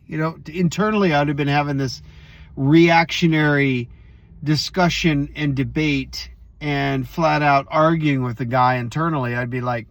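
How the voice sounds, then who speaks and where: A man's voice: fairly high pitch, steady tone, measured pace, no room sound. Casual storytelling male host. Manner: casual, storytelling, addresses viewers directly. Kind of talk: motivational vlog talk.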